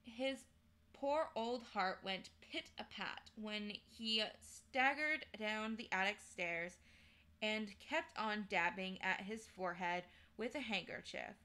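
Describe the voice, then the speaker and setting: A woman streamer reading a children's novel aloud in a measured, unhurried way. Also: medium pitch, pushed and bright, smooth. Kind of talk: storybook read-aloud.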